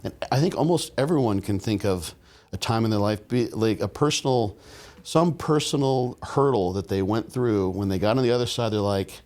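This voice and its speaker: A man with a slightly low voice talks in a loose conversational way on a podcast, stopping often to restart his sentences. He laughs now and then as he goes, keeping the talk relaxed. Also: moderate pace. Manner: rambling, many restarts and fillers, laughs while talking. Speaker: podcast guest, bodybuilding coach.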